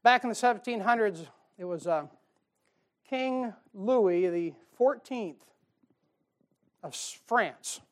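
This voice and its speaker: A middle-aged male pastor preaching a sermon in his church in a folksy, joking way, moving between loud emphasis and quiet asides. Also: high voice, expressive, takes it slowly, long pauses. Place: church sanctuary.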